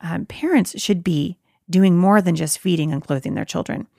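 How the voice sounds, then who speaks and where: A woman's voice: fairly low pitch, normal speed, gravelly, dark tone, dry recording, clean studio sound. A middle-aged woman giving an earnest Christian parenting talk, conversational and emphatic, with rhetorical asides. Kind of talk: earnest faith-based teaching talk.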